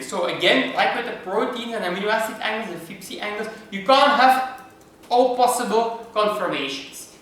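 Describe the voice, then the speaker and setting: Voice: mid-range voice, bright, forceful tone, very echoey, distant mic, rough recording. A lecturer giving a university lecture, explaining step by step and asking the class rhetorical questions.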